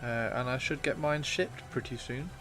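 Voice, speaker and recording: A man with a mid-range, sharp-toned voice talks at normal speed while streaming live, reading viewer messages in a chatty, joking, self-mocking way. His throat sounds a bit worn from all the talking, and faint video game music plays in the background.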